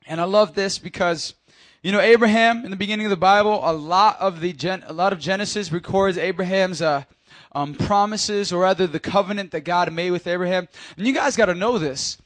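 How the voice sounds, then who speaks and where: A man's voice: high-pitched, fairly quick, fairly bright tone, no echo. A man preaching in a casual, conversational way, speaking directly to his congregation and acting out Bible scenes. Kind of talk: sermon.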